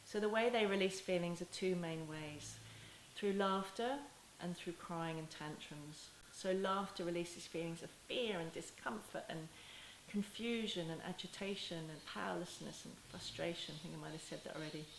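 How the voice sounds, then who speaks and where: Lowish-voiced woman teaching parents, soft and unhurried, lots of restarts, faint hiss in the recording. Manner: gentle, unhurried, with many restarts and soft acted apologies to a child. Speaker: parenting educator. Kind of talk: talking-head teaching video. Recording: echoey room with faint hiss.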